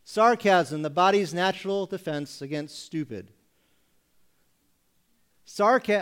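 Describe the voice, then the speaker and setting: A man delivering a sermon in a slightly higher voice. He asks the room pointed rhetorical questions and leaves pauses between them. Now and then he briefly takes on other people's voices to make a point. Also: clean tone. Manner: acts out congregation voices mockingly. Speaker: pastor.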